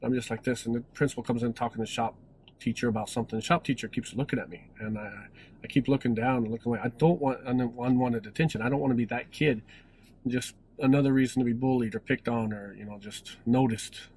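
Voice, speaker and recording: A man's voice: mid-range voice, steady tone, fast, a little mellow, slightly rough, low-quality recording. A man in his forties telling a personal story in a casual, rambling way, with many restarts and self-corrections. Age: 40s. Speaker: vlogger.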